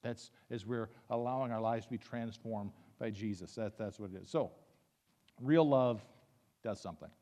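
A man's voice: fairly low pitch, fairly even intonation, a little fast, hardly any pauses, darkish tone. A pastor in his fifties preaching a sermon, earnest and building to emphatic peaks as he reads scripture aloud. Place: church sanctuary. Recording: long hall reverb.

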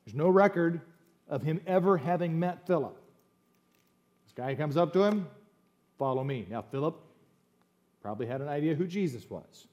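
A man preaching a sermon, conversational and animated, with opinionated asides while reading scripture aloud. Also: a little high, moderate pace, long pauses, muffled recording. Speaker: pastor.

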